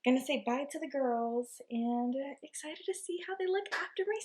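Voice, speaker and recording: A young woman vlogging casually to camera in a chatty, excitable way. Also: high voice, normal speed, low-quality recording.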